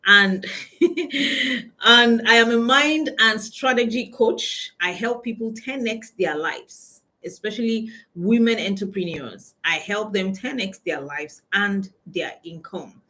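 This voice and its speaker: A woman's voice: mid-range voice, takes it slowly, sharp tone, rough recording. A woman with a Nigerian accent, a coach hosting a casual live stream from her phone, greeting viewers by name and laughing often.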